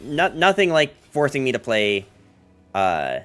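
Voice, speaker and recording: This mid-range male voice swings hugely in pitch, runs a little slow and sounds a bit bright, with faint music in the background. He rambles through casual livestream chat while playing cards, filling gaps with "like" and "um" and cracking jokes at his viewers.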